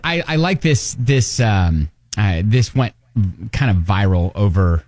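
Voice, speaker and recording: A man's voice: lowish voice, lively intonation, unhurried, darkish tone, no room sound. A middle-aged man with a Kentucky accent hosting a casual morning radio chat, rambling with fillers and laughs. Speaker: radio show host. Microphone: studio mic.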